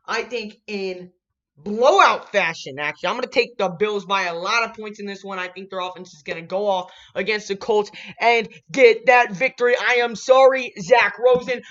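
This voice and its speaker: Young male sports vlogger, bright tense voice, hyped, bursts into shouts, dull lo-fi recording. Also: high-pitched. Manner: hyped, swings from muttering to shouting. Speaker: sports channel host. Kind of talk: casual sports prediction vlog.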